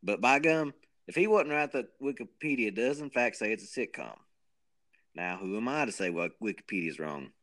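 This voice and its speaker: A man's voice: on the low side, animated, normal speed, fairly bright tone. Joking man hosting a podcast. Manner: joking, rambling, self-mocking. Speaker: podcast co-host. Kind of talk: casual chat.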